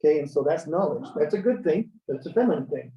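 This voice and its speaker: A man's voice: fairly high pitch, expressive, fast. A man teaching a beginner language class, chatty and tossing "okay?" after each point, having students repeat after him. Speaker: Hebrew teacher. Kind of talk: classroom lecture. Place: church classroom. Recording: roomy, distant, dull lo-fi sound.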